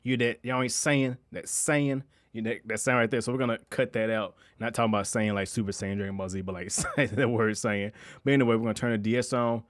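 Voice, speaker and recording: Fast-talking young man explaining mixing. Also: fairly low pitch, fairly even intonation, dry recording, clean studio sound. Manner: loose and conversational, with slang and restarts. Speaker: music production tutor. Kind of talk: casual screen-recorded tutorial.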